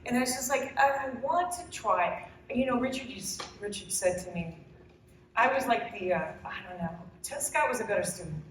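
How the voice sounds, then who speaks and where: Middle-aged woman painter, earnest and halting, fairly high voice, heard from a distance in a big echoey hall. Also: expressive, a bit bright, a little hiss or hum. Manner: earnest, halting, restarts often, laughs. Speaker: painter giving a demo talk. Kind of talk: emotional, rambling live talk to an audience. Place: large echoey hall, live audience.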